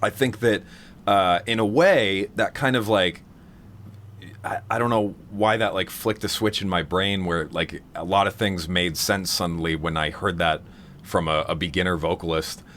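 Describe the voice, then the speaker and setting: A man's voice: low-pitched, steady tone, moderate pace, a bit bright, slight background noise. A man hosting a live-stream vocal seminar, talking casually and rambling with many fillers and restarts.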